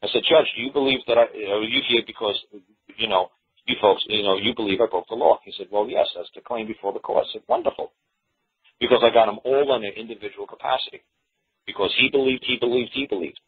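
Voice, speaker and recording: Fast-talking husky man over a phone line. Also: mid-range voice. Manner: quotes courtroom exchanges in animated back-and-forth; repeats himself with frequent restarts. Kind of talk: storytelling monologue. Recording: tinny phone-line radio recording.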